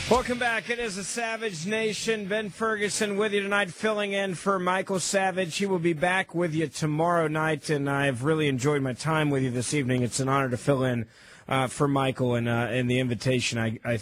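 A young man hosts a call-in radio show with a fairly high voice. He talks emphatically and mixes sarcasm into his opinions. The sound is dry and close. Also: fairly bright tone, dry recording. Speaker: fill-in talk radio host.

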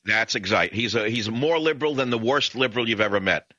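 A man's voice: mid-range voice, fairly quick, sharp tone, lo-fi sound, slight background noise. A man hosting a talk radio show, delivering a combative monologue in bombastic bursts. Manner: bombastic, rising to emphatic peaks.

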